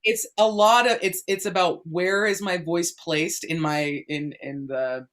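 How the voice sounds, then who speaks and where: A woman's voice: on the low side, steady tone, a little slow, fairly bright tone. Chatty woman explaining her craft. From United States. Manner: explanatory, chatty, many fillers and restarts. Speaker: guest voice actor. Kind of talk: interview answers.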